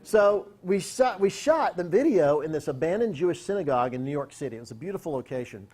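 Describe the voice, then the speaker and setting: A man giving a talk, telling a story in an animated way and acting out the people in it. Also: on the high side, quick pace, breathy edge. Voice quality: animated, acts out quotes. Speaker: speaker.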